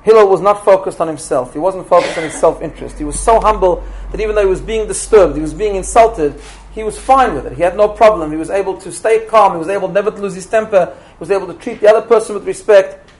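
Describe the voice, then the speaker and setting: High-voiced man telling a story in a lecture. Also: quick pace, a little hiss or hum. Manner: animated, repeats words, asks "right?".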